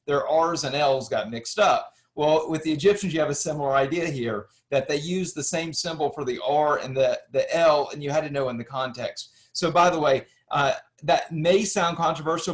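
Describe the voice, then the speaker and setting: A man giving a history lecture, walking through slides and asking and answering his own questions, with frequent restarts. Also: mid-range voice.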